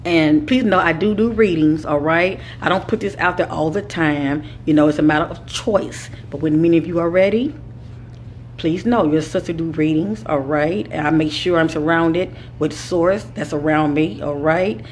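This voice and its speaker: A woman's voice: deep voice, normal speed, slight background noise. A woman giving a spiritual advice monologue, speaking with a repetitive, preacher-like cadence and calling her listeners kings and queens. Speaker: spiritual teacher.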